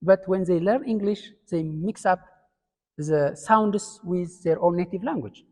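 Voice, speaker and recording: A man's voice: sits high, a little slow, a little mellow. A man from Ethiopia with an Ethiopian accent, giving a classroom lecture step by step with fillers and restarts. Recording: long hall reverb.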